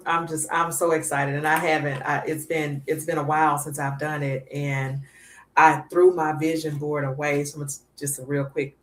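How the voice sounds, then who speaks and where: A woman's voice: deep voice, echoey room. A woman hosting a women's gathering, giving an impassioned, preachy testimony that repeats lines for emphasis. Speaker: host of a women's online gathering. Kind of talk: spirit-led testimony to a group.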